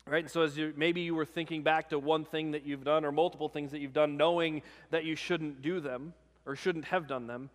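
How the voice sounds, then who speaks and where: A man's voice: on the high side, in a large hall. A man, a pastor, preaching a sermon in a conversational way, often checking in with the congregation.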